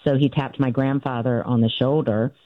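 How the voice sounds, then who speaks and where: A woman's voice: very deep voice, steady tone, moderate pace, dry recording. Woman storyteller over a tinny phone line. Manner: recounts events with frequent fillers and restarts, acting out quoted voices. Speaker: author guest. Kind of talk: conversational storytelling.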